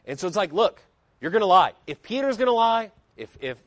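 A man delivers a sermon, his voice pitched a little high for a man. He swings between forceful emphasis and quieter, lower stretches, reading old-style scripture lines aloud. The sound is dry with no room echo. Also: very animated, fairly quick. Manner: emphatic preaching with rising and falling intensity. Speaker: preacher.

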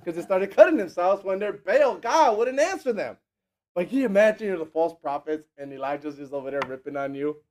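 A man delivers a casual, energetic sermon in a fairly high voice. He acts out the people in the stories with mocking, teasing voices and laughs often along the way. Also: brisk. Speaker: preacher.

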